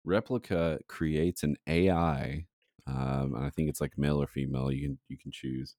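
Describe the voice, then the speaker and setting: Podcast co-host, man, extremely deep low voice, rambling easygoing talk, dry close mic. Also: fairly even intonation, moderate pace, darkish tone, no room sound. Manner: rambling, laid-back storytelling with many fillers. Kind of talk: casual chat.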